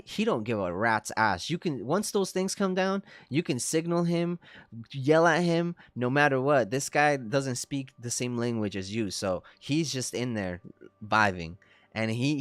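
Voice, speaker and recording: In casual livestream chat, a man in his thirties hosting a trading stream tells stories in a laid-back, profane way, laughing often. His voice is mid-range, with no room sound.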